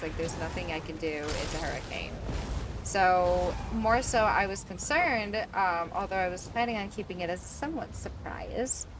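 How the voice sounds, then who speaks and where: A woman's voice: lowish voice, background noise. A woman in her thirties streaming a game from home, chatting in a rambling, easygoing way full of fillers. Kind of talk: casual chat while gaming.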